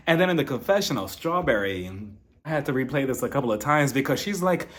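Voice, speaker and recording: A man's voice: mid-range voice, animated, fast talker. A man giving a casual, sarcastic recap of a reality show, chatty and laughing at his own jokes.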